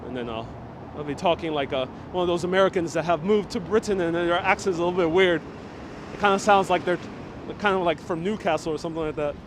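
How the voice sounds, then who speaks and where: A man's voice: high voice, fast talker. A young man with a New York accent hosting a live stream while walking a city street, joking and reading out viewer comments. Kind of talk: casual live-stream chat. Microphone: wireless clip-on mic. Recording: loud street traffic behind.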